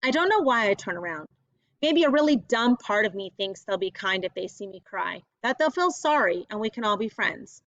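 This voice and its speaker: A woman's voice: mid-range voice, animated, moderate pace, fairly bright tone, dry recording. A woman reading a first-person audiobook in a plain, earnest storytelling voice. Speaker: audiobook narrator. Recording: dull lo-fi audiobook recording.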